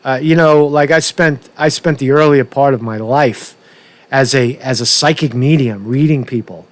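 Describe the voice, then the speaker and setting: A man's voice: medium pitch, normal speed. A man with a New York accent giving a profane, rambling rant as he reacts to political clips, mocking and repeating himself as he goes. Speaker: commentary streamer.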